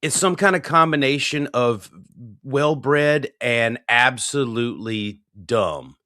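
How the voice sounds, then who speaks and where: A man's voice: medium pitch, animated, slow pace, pushed and bright, dry recording, clean studio sound. A man from the Carolinas chatting casually, hesitant with many stammered restarts. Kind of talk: casual chat.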